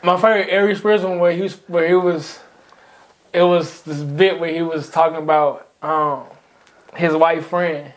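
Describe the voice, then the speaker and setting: A man's voice: fairly high pitch, moderate pace. A young man in casual chat, telling stories with lots of laughter. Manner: animated storyteller, laughs often.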